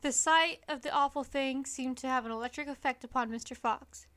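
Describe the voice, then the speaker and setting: A woman reading a children's storybook aloud in an expressive, lively manner. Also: high-pitched, a little fast, very noisy. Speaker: storybook reader.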